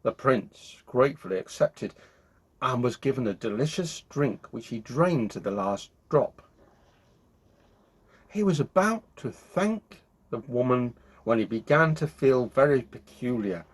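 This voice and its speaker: Husky, animated male storyteller. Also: medium pitch, unhurried. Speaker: storyteller host. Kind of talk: reading a children's bedtime story aloud.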